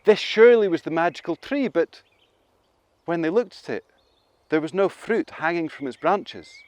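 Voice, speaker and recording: A man telling a folk tale to children, animated and playful, asking his listeners questions. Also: on the high side, moderate pace, long pauses, no room sound. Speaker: storyteller. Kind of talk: interactive children's storytelling.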